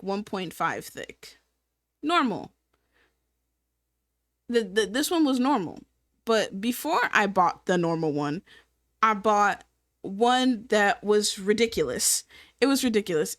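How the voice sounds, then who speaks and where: A woman telling a casual story to camera in an animated, profane way, laughing often and checking in with the viewer. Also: medium pitch, no room sound. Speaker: storytime vlogger.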